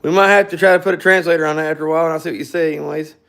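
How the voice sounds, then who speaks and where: Gravelly guy, kinda high voice, joking around on a garage live stream. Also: fairly even intonation, racing, a bit bright. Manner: loose, joking, rambling. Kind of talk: casual live-stream chat.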